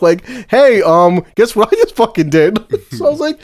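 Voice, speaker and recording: A man's voice: sits high, big pitch swings, brisk, no echo. A man on a podcast telling a crude story with lots of swearing, breaking into laughs and acting out quotes. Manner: heavy swearing, laughs mid-sentence, acts out quotes. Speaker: podcast co-host.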